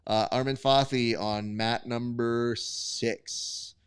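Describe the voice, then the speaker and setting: A man's voice: mid-range voice, fairly even intonation, takes it slowly, smooth. A young man hosting a live stream, giving sport commentary in casual, chatty, profane banter. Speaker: host.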